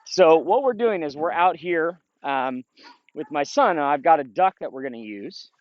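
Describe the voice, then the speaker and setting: A man's voice: on the high side, animated, moderate pace, no room sound, dull audio. A middle-aged man training a retriever outdoors in a field, explaining the drill and calling short upbeat commands to the dog. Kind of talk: outdoor training video with commentary.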